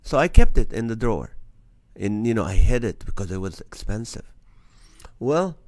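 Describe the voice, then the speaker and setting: A man's voice: lowish voice, sing-song, normal speed, darkish tone, dry recording. A man hosting his own live show, telling a personal story with earnest energy and acting out the dialogue. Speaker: comedian hosting a nightly live stream. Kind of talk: storytelling testimony to a live audience.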